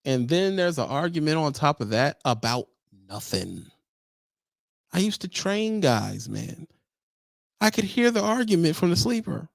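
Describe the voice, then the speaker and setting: A man hosting a casual trucking livestream, talking bluntly and swearing, his voice jumping high and loud when he presses a point. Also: unhurried, creaky, dry recording, studio quality. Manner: blunt, animated, swears, rises to loud high-pitched emphasis. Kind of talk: casual advice talk to viewers.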